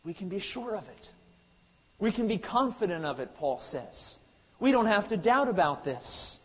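A male pastor preaching a sermon. His voice builds to loud, emphatic peaks, then drops to quiet asides, with frequent restarts. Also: sits high, very animated, moderate pace, breathy edge. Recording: long hall reverb, dull lo-fi sound.

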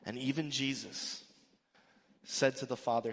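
In an echoey church sanctuary with long reverb, a male pastor preaches in a conversational yet emphatic style, acting out the quotes he cites. His medium-pitched, fairly bright voice has lively intonation and a moderate pace.

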